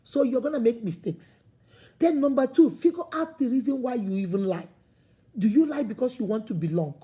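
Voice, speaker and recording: Animated woman, high and mellow. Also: brisk. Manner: animated, preachy, acts out imagined speakers. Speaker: motivational speaker. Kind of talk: motivational talk to camera.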